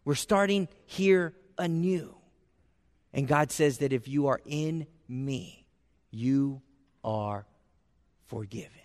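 Man, pastor, sermon, earnest, slow delivery, long church reverb. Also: medium pitch. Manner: earnest, builds from hushed to fervent.

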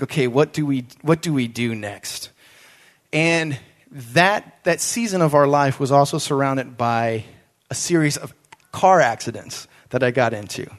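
Casual, joking young male preacher. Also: a little high. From Mexican background. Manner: casual, joking, animated storytelling. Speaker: pastor. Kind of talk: sermon with personal stories.

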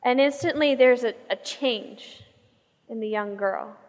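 A woman pastor telling a story in a sermon, in a lively conversational way, asking the listeners questions. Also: a little high, a little slow, big-room sound.

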